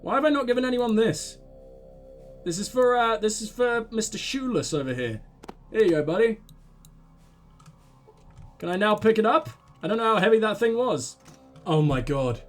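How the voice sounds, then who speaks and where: Excitable, swearing let's play host man. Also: sits high, moderate pace, pauses often, soft background music. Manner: excitable, profane, jokey asides. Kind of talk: gaming commentary.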